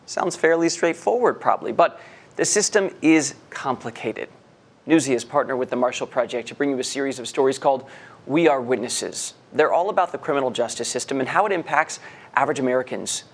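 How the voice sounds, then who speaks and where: Male news host, average pitch, measured scripted intro.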